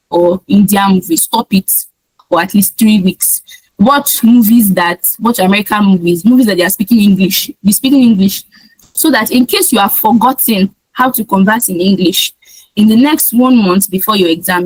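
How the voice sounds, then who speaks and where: A woman's voice: medium pitch, slightly rough, no room sound, rough recording. A woman from Nigeria with a Nigerian accent, teaching an IELTS speaking lesson in an emphatic way and acting out sample answers. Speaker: IELTS tutor. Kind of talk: speaking-test coaching lesson.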